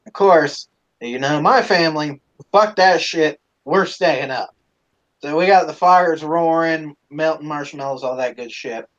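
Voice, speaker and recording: A man's voice: on the high side, unhurried, fairly bright tone. A man hosting a live stream, casually telling a rambling, profane story with plenty of swearing, on a dull lo-fi recording.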